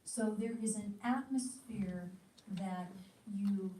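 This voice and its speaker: A woman's voice: medium pitch, takes it slowly, mellow, slight background noise. An American woman giving a teaching talk, telling stories animatedly and acting out her own quoted thoughts. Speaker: ministry teacher. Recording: echoey room, mic at a distance.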